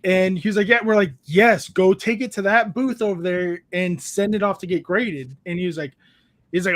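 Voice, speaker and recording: A man hosting a podcast who tells stories in a casual, animated way and acts out what people said. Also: sits high, fairly quick. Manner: animated, acts out quotes with a raised voice. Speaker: podcast host. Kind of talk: casual chat, storytelling.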